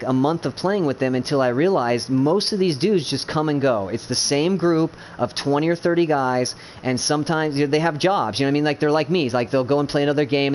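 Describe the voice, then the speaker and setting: Fast-rambling young-sounding man chatting. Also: mid-range voice, a little hiss or hum. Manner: rambling, many fillers and restarts, swears freely. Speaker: gamer streamer. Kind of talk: rambling casual chat.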